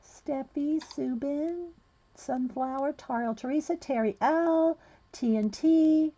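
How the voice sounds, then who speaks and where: A woman's voice: high voice, expressive, a little slow, mellow, muffled recording. A woman hosting a crafting livestream, chatting casually and greeting viewers by name while she cuts and sorts art cards. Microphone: camera mic set low on the desk.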